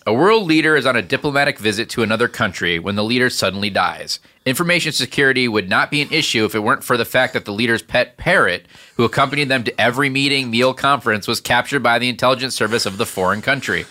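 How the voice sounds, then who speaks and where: A male comedy podcast host reads listener mail and scene setups in a clear, announcer-like way. His pitch is middling and his tone is very bright. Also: fast talker. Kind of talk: reading listener emails and scene premises.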